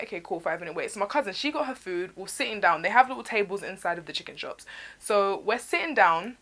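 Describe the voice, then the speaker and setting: A young woman with a British accent telling a story on a vlog in a chatty, animated way, acting out the people in it. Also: mid-range voice. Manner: animated, chatty, acts out quotes. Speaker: vlogger.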